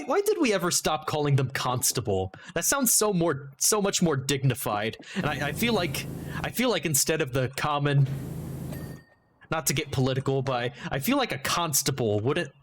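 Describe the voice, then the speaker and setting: A man's voice: on the high side, big pitch swings, normal speed, background noise. A man streaming a game and chatting casually, rambling and joking as he interrupts himself. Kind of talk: casual livestream chat while gaming.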